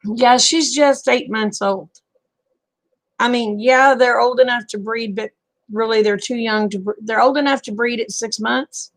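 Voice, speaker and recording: A middle-aged Southern woman chatting easily with her viewers in a homey, folksy drawl. Her voice sits a touch high and carries a gravelly fry. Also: steady tone, unhurried. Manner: folksy, chatty, reading and answering viewer comments. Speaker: livestream host. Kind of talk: casual chat with viewers.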